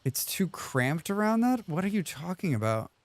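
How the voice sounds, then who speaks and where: A man's voice: high-pitched, sing-song, moderate pace, no room sound. A man streaming a game, chatting casually and muttering questions and reactions at the screen. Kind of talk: casual gaming commentary.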